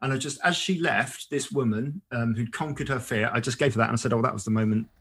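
A man in casual conversation, telling lively stories and often asking "right?". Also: medium pitch, fairly quick, husky. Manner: animated storyteller, says "right?" often. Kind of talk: casual chat. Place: photographer who travels with a camera.

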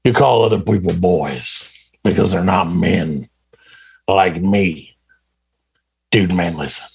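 A man's voice: sits low, takes it slowly, vocal fry, husky, pitched below the performer's own voice, exaggerated voice. A man playing a boastful macho man who applies to be the show's newsman, bragging and insulting the others. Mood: swaggering. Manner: brags and insults, bossy.

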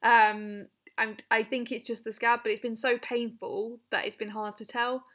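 A woman co-hosting a running podcast in casual chat, incredulous and quick to laugh. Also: a little high, level tone, a bit bright. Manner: chatty, incredulous, laughs often. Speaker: podcast co-host.

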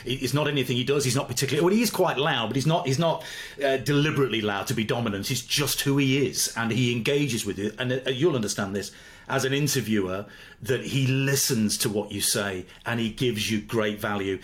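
A man, a studio guest chatting casually, rambling through restarts and quick asides. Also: medium pitch. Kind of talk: casual chat.

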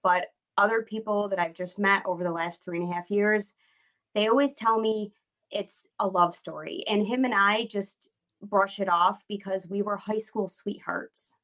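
A woman's voice: mid-range voice, fairly even intonation, normal speed, a bit bright, rough recording. A woman in her late thirties, a guest entrepreneur, telling her story in a candid, rambling way. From United States. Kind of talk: casual interview storytelling.

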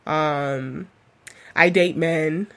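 A woman's voice: low-pitched, drawn-out words, fairly bright tone. A young woman hosting a casual podcast monologue, rambling and candid, swearing freely and laughing as she tells her story. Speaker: podcast host.

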